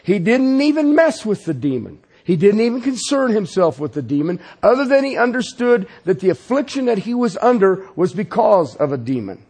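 Man, pastor, sermon, impassioned, lively rising and falling pitch. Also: husky. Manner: impassioned preaching, swings from loud to hushed.

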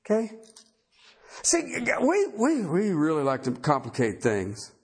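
A man's voice: fairly high pitch, huge pitch swings, measured pace. A man preaching a sermon, talking conversationally and emphatically and firing rhetorical questions at the congregation.

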